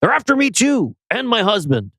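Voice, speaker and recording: An actor playing a grumpy, paranoid older gay man, gruff and easily exasperated. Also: high voice, very animated, moderate pace, bright, forceful tone, dry recording, heavily acted. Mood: defensive. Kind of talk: audio drama acting.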